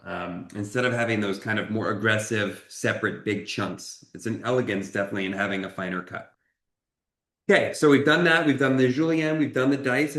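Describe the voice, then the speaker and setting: A man's voice: mid-range voice, fairly bright tone. Encouraging man chef, roomy sound. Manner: encouraging, checks in with a frequent "okay?". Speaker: chef and cooking instructor. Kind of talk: cooking demonstration. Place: kitchen.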